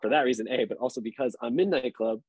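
A man's voice: mid-range voice, fast talker, a little mellow, husky, no echo. A man in his thirties, an actor guest on a podcast, telling laid-back stories and swearing casually.

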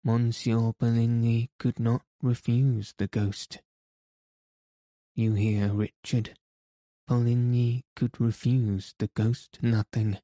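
A man voicing an excitable, indignant old female box keeper in an audiobook reading. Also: medium pitch, slow, no echo, clean studio sound, close to an everyday voice. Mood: insistent.

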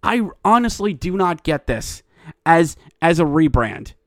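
Speaking a little slowly in a slightly high, very animated voice, a man vents alone on his hockey podcast, with clean studio audio and no echo. His exasperation builds as he rants, his volume rising along with his frustration.

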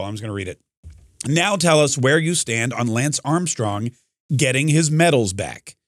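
An opinionated male talk radio host argues in quick, combative bursts, restarting his sentences often. His voice sits in a middle pitch and sounds dry and close, with no room around it. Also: dry recording.

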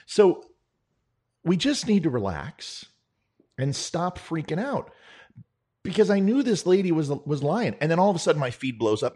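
A man's voice: on the high side, lively intonation, darkish tone. A middle-aged man talking straight to the listener in an earnest, conversational political monologue. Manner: earnest, conversational, with quick impressions. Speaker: political commentator. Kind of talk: direct-address monologue.

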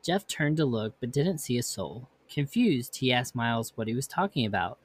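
A man's voice: mid-range voice, big pitch swings, moderate pace, dry recording. Man reading ghost stories with asides. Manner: reads text, then breaks off into offhand comments. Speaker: podcast host.

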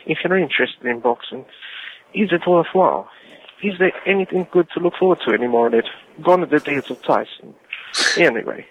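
A man's voice: medium pitch, vocal fry, breathy edge. A man from the United Kingdom leaving a joking call-in message while putting on a comic Eastern European accent. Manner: jokey, rambling, talks in points. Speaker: caller. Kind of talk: phoned-in voicemail. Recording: phone line.

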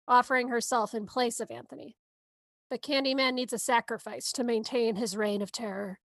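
A woman's voice: on the high side, a bit bright, no echo. A woman podcast co-host giving a movie synopsis in a casual, sarcastic way. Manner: sarcastic, wry asides.

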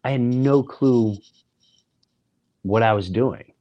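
A man's voice: mid-range voice, slow, muffled recording. A middle-aged man, a comedian hosting his own podcast, telling a rambling story in a casual way and acting out the voices of people in it. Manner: animated, rambling, acts out voices in his stories.

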